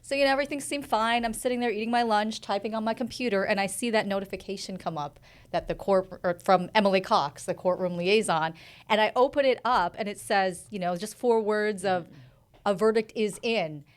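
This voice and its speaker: A woman reporter telling an animated story, acting out quotes with big jumps in pitch. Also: a little fast. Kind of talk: animated anecdote.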